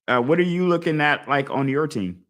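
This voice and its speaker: Animated man thinking out loud. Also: fairly high pitch, normal speed. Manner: animated, talks through his choices out loud, acts out imagined crowd voices. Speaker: fantasy football league podcast host. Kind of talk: casual live-stream chat.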